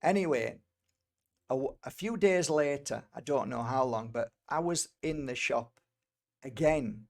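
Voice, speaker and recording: With a creaky, medium-pitched voice and a measured pace, this middle-aged Briton tells a meandering personal story. He works as an energy healer and tarot reader, and his telling is littered with fillers and false starts.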